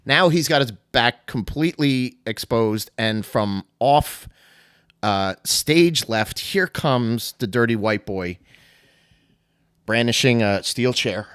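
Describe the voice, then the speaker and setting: A man's voice: medium pitch, lively intonation, takes it slowly, a bit bright, smooth, dry recording, clean studio sound. A man hosting a podcast, casually retelling a story in a rambling way full of fillers and laughs. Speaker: podcast host.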